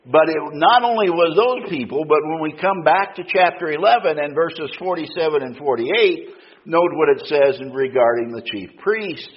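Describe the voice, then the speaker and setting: A man preaching an expository sermon, reading scripture slowly and stressing key words. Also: fairly high pitch, expressive, muffled recording. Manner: slow, deliberate, emphatic scripture reading.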